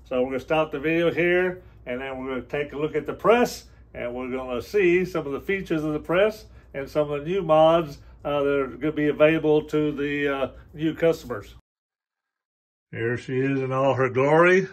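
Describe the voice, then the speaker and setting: A man hosting a product demonstration, talking plainly and slowly with many pauses and fillers. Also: on the high side. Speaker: host.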